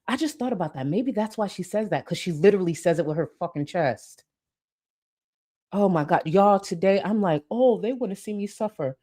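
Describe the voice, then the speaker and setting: A woman with a low voice hosts a reaction commentary rant. She mocks the clips she plays and talks back at them with plenty of sass. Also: moderate pace, mellow. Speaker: commentary channel host.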